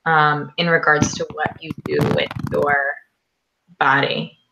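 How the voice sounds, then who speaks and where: A woman's voice: deep voice, level tone, slow, vocal fry, background noise. A woman hosting a casual online panel discussion, chatty, with many fillers. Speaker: host.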